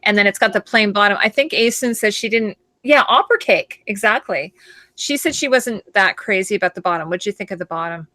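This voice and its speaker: A woman from Canada hosts a loose live chat, her voice bright and forward. She rambles and restarts her sentences as she goes. The sound is dry and close, with almost no room around it. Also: mid-range voice, a little fast, no room sound. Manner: chatty, rambling, frequent restarts and fillers. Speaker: host. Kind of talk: casual live-stream chat.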